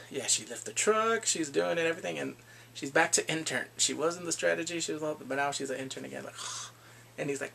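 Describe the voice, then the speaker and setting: A man casually recapping a TV drama, animated and laughing often as he acts out lines. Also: a little high, gravelly, a little hiss or hum. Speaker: drama review vlogger.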